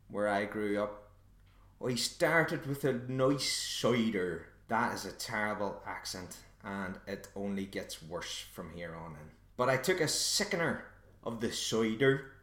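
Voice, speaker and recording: A man's voice: on the low side, moderate pace, fairly bright tone. A Northern Irish man hosting a solo podcast, telling a story in a wry, self-deprecating way. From Northern Ireland. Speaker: podcast host. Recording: roomy echo.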